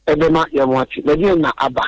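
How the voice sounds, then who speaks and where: A man's voice: a little high, fairly even intonation, fairly quick, no room sound, poor audio. A man speaks on a radio discussion in a slightly raised register. He explains at length, earnest and methodical. He often repeats words as he builds each point.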